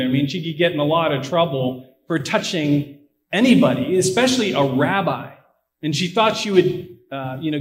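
A man preaching a conversational sermon, retelling a story with asides and acting out the quoted lines. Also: fairly high pitch. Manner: frequent asides and fillers like "I mean" and "you know". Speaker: pastor. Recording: echoey room.

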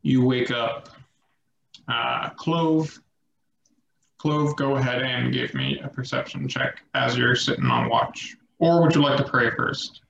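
A man narrating a tabletop game as game master, relaxed and rambling with fillers. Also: medium pitch, slow, creaky, a little hiss or hum. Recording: echoey slightly dull room sound.

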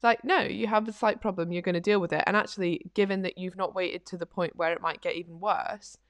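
Chatty woman, low and dry. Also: fairly even intonation, fast, no echo. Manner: chatty, repeats "like" often. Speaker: podcast co-host, fitness coach. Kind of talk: casual chat.

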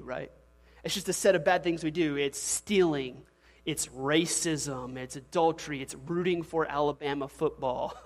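Pastor preaching in a reverberant church. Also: male voice, a little high. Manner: animated storytelling with laughs and acted quotes. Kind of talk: sermon. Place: church sanctuary.

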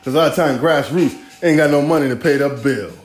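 Profane, streetwise male podcast host in his forties, a bit high-voiced, riffing alone in a roomy space. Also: fairly quick, soft background music. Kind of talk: casual solo monologue.

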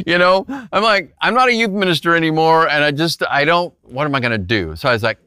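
A man's voice: fairly high pitch, a little fast, clean tone, dry recording, clean studio sound. A male pastor giving a conversational sermon, telling a personal story and turning often to his listeners with "right?". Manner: animated, talks straight to listeners with frequent rhetorical "right?".

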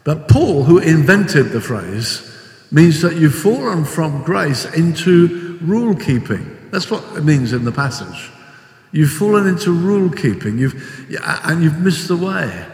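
An older man preaching a sermon with animated storytelling, acting out the voices he quotes. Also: a little high, measured pace. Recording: echoey hall with long reverb.

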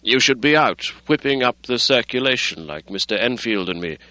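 A man reading the part of a concerned, good-natured middle-aged lawyer who speaks earnestly and briskly. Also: mid-range voice, expressive, sharp tone, no echo, rough recording. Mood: hearty.

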